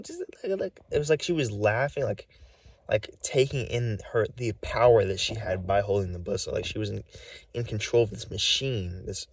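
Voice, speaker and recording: Male vlogger, weary and short of breath, low and gravelly, halting speech with many restarts. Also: no echo, distant mic. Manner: halting, full of restarts and repeats. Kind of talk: rambling recorded monologue.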